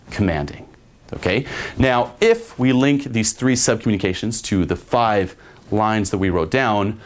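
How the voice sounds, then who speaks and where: A young man teaching a dating lesson in a casual way, often checking in with "okay?" and swearing now and then. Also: lowish voice. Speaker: dating coach. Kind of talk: spoken lesson with acted examples.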